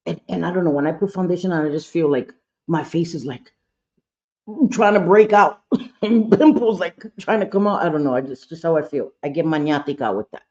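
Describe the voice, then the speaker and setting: A woman with a warm, mellow voice talks through her makeup routine in a relaxed, chatty way. She is candid and playful and throws in sassy little asides. The sound is a bit dull and lo-fi, like a home recording. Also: low voice. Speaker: makeup vlogger. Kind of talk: casual makeup tutorial chat.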